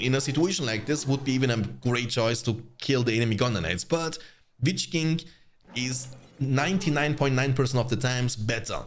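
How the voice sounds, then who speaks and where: A young man talks through his strategy game match as he plays it, addressing viewers directly. He is chatty and easily excited. His voice sits at an ordinary middle pitch. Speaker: gaming channel host. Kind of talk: live gameplay commentary.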